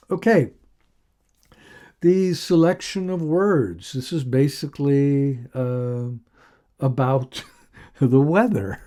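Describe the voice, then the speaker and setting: A man's voice: medium pitch, dark tone. A man giving a recorded literature lecture, reading a poem aloud and then explaining it with frequent ums and uhs. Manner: slow, measured reading with frequent fillers.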